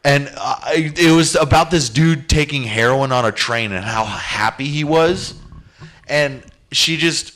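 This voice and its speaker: A man casually telling a long profane story on a podcast, animated and blunt. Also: mid-range voice, unhurried.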